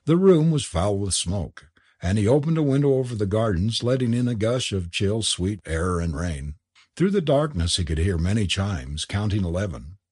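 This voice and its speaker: A man narrating a novel in an expressive, lively reading style. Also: on the low side, normal speed, breathy edge, no room sound, clean studio sound. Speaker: audiobook narrator. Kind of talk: storybook narration.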